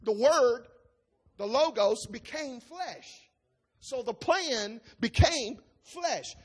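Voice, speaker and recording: Slow, animated, husky preacher. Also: medium pitch. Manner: reads scripture aloud then explains it line by line, emphatic. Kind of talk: expository Bible-teaching sermon.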